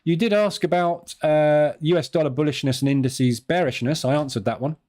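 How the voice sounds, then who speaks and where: A man's voice: a little high, brisk, mellow. A British man hosting a live trading stream, chatting and joking in a digressive way.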